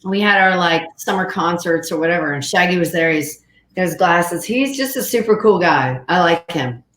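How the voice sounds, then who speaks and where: A woman host in casual chat on a video call, chatty with quick asides. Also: lowish voice, expressive, fairly bright tone, roomy sound.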